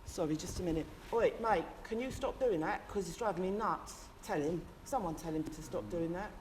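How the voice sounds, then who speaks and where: Here a woman with fairly low pitch and a slightly mellow tone speaks at normal speed, lightly acting a comic monologue to camera. She takes on the role of a brash, cursing working-class London man, rambling in an impassioned rant with a London accent. Slight background noise can be heard.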